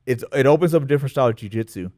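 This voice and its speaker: A man in his thirties with a Texan accent, a jiu-jitsu gym owner talking casually in an interview, relaxed and plainspoken with many fillers. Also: mid-range voice, rapid-fire, no room sound, clean studio sound. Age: 30s.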